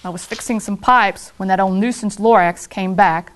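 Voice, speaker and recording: A woman reads a rhyming children's story aloud at a middle pitch. She keeps a playful, bouncing rhythm through every rhyming line. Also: moderate pace. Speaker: school staff reader. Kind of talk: reading a children's book aloud.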